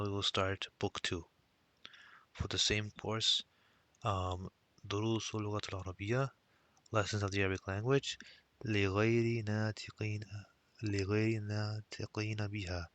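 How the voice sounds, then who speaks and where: A man's voice: fairly low pitch, a bit bright, no room sound. A man teaching a recorded language lesson, explaining step by step and mixing Arabic phrases into his English.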